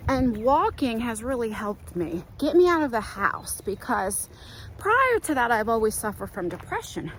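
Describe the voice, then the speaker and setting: Middle-aged woman vlogger, higher-pitched, loose chatty delivery while walking outside, light background hiss. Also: big pitch swings, moderate pace, a bit bright, low-quality recording. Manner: chatty, rambling, many fillers. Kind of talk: casual walk-and-talk vlog. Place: outdoors on a walk.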